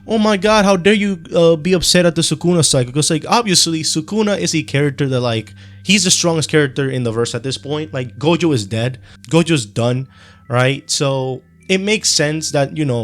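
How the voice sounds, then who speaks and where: A young man with a Spanish accent giving a casual, rambling opinion monologue, slangy and full of ums and self-corrections. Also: mid-range voice. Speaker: anime commentary youtuber.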